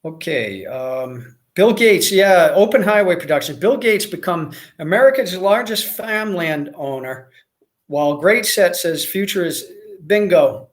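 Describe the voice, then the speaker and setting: An American man hosts a casual livestream, answering viewer comments as he goes. His talk rambles, full of fillers and restarts, and his voice sits a little higher than most men's. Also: animated, unhurried. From United States. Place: Mexico.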